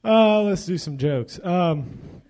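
Young male stand-up, intoxicated and rambling, high and unhurried, cracks himself up. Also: animated, a little mellow. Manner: profane, loose, laughing at his own jokes. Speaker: stand-up comedian.

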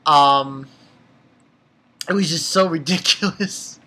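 A young adult anime reviewer giving a casual episode recap, rambling and excitable and swearing freely. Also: medium pitch, slow pace, slight background noise.

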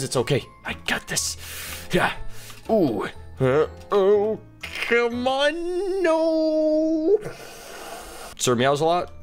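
An excitable, jokey man giving let's-play commentary on a game as its host, gasping and squealing as he plays, over faint background music. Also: fairly high pitch. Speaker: gaming video host.

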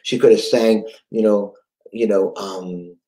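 A man preaching a sermon, telling a story with fervor, dropping to a hush and then rising again. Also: fairly low pitch, steady tone, slow pace. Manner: impassioned storytelling, swings between hushed and raised; reads viewer comments aloud live.

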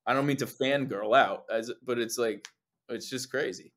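In a normal-speed, mid-range voice, this young guest singer from New Jersey swaps stories in laid-back conversation. He tells them animatedly, cursing often and acting out the lines of the people involved.

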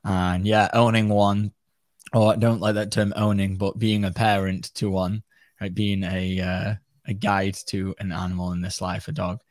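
A man speaking as a podcast guest, talking in a reflective, earnest, measured way. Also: deep voice, little pitch movement, no room sound. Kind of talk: casual conversation.

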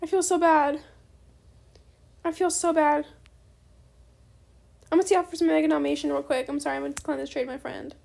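A young woman chatting bubbly and fast while playing a game, often saying bestie. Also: high voice, level tone, creaky, darkish tone. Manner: bubbly, fast-talking, says bestie a lot. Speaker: gaming YouTuber. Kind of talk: casual gameplay commentary.

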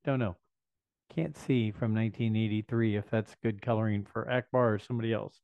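A man's voice: on the low side, fairly even intonation, fairly quick, dry recording. A man in his fifties hosting a casual unboxing video, chatting enthusiastically and thinking aloud as he goes. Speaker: vlog host. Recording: dry, slightly dull lo-fi sound.

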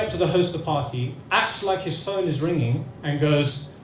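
Young brummie guy doing stand-up, dry quick asides, echoey venue with a faint murmur behind. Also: fairly high pitch, a little hiss or hum. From Birmingham, England. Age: young adult. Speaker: stand-up comedian. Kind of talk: stand-up comedy set. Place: comedy venue stage. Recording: echoey room with faint ambience.

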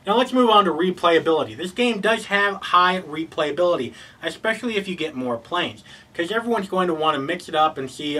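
A man reviews a board game in a bright, forceful voice with a husky edge, upbeat and fond of rhetorical questions before each verdict. He sits a little back from the mic, with faint music under him. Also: high voice, expressive, fairly quick, hardly any pauses, far from the mic, rough recording.

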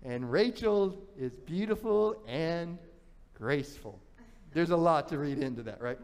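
A male pastor with a high voice preaches a sermon, telling the story in an unhurried, animated way and often restarting his phrases. The church sanctuary gives his words a long reverb.

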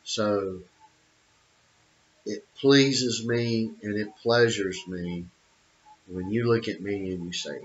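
A man's voice: on the low side, fairly even intonation, slow pace, pauses often. A middle-aged man giving an opinionated monologue, emphatic, with repeated phrases and many fillers. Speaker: channel host. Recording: dull lo-fi audio.

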